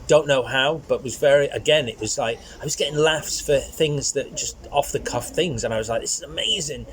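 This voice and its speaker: A man, a comedian guest, chatting casually outdoors and telling stories in a lively, animated way. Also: medium pitch, brisk, slight background noise. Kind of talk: casual chat. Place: outdoors in the sunshine.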